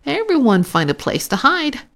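A woman voicing an eager eight-year-old boy in a read-aloud storybook, in a bright, raised voice. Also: sits high, wildly swooping pitch, moderate pace, pitched above the performer's own voice, heavily acted. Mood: excited.

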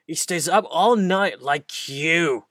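A woman voicing a gruff, sleepy big mouse who sighs and answers curtly, in a children's radio drama. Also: low voice, takes it slowly, no echo, clean studio sound. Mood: weary. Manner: gruff, sighing and curt. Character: grumpy sleepy big male mouse, older brother.

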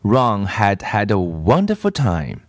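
A man reading a children's storybook aloud with expressive narration. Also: on the low side, slow pace, no room sound, studio quality.

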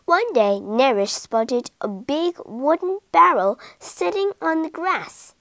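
A woman reading an animal story aloud for English learners, in a slow, clear and expressive way. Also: sits high, no echo.

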